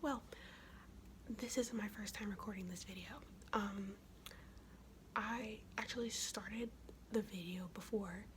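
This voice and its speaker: A woman's voice: medium pitch, noisy background. Whispering young woman, casual ASMR chat. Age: young adult. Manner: casual, profane, chatty whispering. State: sick. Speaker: ASMR vlogger.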